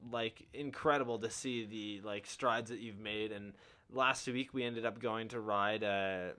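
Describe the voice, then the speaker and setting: A man's voice: lowish voice, steady tone, unhurried, pushed and bright. A young man hosting a podcast in casual chat, laid-back and encouraging, full of "like" and "um". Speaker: podcast host.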